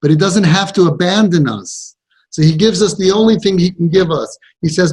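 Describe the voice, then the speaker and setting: A man's voice: sits high, moderate pace, darkish tone, breathy edge. A man coaching parents in an impassioned counseling talk, stressing points by repeating them and mixing in Yiddish and Hebrew words. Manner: emphatic, repeats phrases for stress.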